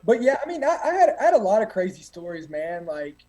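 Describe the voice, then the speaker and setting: A man's voice: sits high, sing-song, quick pace, warm tone, poor audio. A man, a guest telling boot camp stories in a rambling, profane way with many fillers. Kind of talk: casual storytelling.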